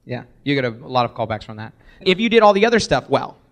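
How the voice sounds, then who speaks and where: A man presenting a live sales workshop, energetic, acting out sample voicemails as he teaches. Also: medium pitch, fast.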